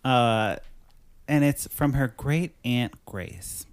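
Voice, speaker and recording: A man's voice: mid-range voice, expressive, drawn-out words. A man hosting a podcast, recapping a film in a rambling, joking way and acting out its lines. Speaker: podcast host reviewing a film. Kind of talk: casual chat.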